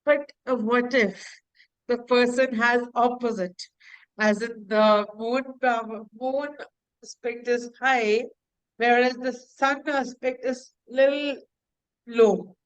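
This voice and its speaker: A woman's voice: on the high side, fairly even intonation, slow, clean tone, no echo, highs cut off. A woman host interviewing a guest, asking questions politely with many hesitations. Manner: hesitant, full of uh fillers, polite. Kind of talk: online interview.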